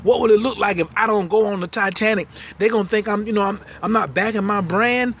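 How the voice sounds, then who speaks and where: A man puts on a swaggering, slangy rich tycoon from another era. The voice sits a little high and boasts about his money. Faint noise hums behind him. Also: fast, a bit bright. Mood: boastful. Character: brash rich old-time male tycoon.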